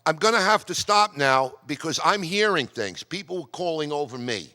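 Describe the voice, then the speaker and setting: A man doing a gracious, cordial king with an unusual foreign accent, answering on a radio call in a raised, slow and careful voice. His tone is bright and forceful, and it rings out with a long hall reverb. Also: fairly high pitch, expressive, pitched above the performer's own voice. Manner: polite, measured, gracious.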